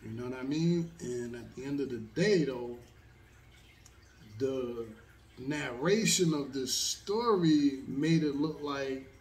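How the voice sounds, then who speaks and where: Slow, laid-back man telling a story. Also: mid-range voice, a little mellow, reverberant, recorded from a distance. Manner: laid-back, rambling, with many fillers. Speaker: host. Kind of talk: casual storytelling monologue.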